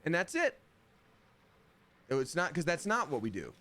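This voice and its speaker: A man's voice: a little high, wildly swooping pitch, normal speed, bright, forceful tone. A man streaming a fantasy video game, chatting casually and playfully with viewers. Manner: chatty, playful, jumps into silly voices. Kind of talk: casual livestream gaming commentary.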